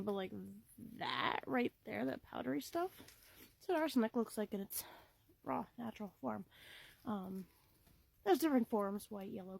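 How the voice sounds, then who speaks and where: A woman's voice: a little high, vocal fry, poor audio. A woman vlogging outdoors in the woods by an old mine entrance. She talks in a chatty, playful way and swears casually. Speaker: vlogger exploring old mines. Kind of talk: casual walking vlog.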